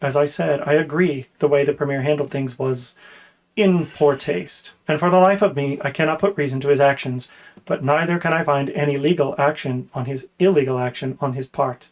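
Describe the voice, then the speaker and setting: A man voicing a patient guard captain, speaking in a flat, measured, unhurried way. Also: fairly high pitch, natural voice. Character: calm, patient male guard captain, coolly stern.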